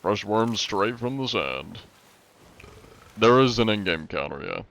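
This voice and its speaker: Laid-back streamer man, low voice. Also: a little slow, gravelly. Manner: relaxed, answers chat questions as he plays. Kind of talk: casual live-stream gaming chat.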